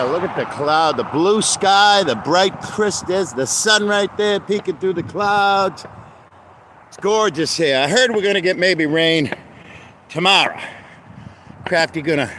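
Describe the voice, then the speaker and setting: A chatty man with a slightly high voice walks along a roadside, talking to his live-stream viewers. He jokes, greets people by name and sings snatches of songs. Traffic and street noise come through clearly on his phone recording. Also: fairly bright tone. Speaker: livestream host. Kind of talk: rambling live-stream chat. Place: outdoors by a road with passing traffic. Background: street and car noise.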